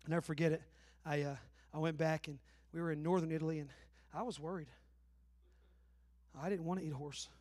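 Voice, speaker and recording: A man's voice: a little high, steady tone, a little fast, darkish tone, dry recording. A man, preaching a sermon in a folksy, joking storytelling way. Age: 40s. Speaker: pastor. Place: church.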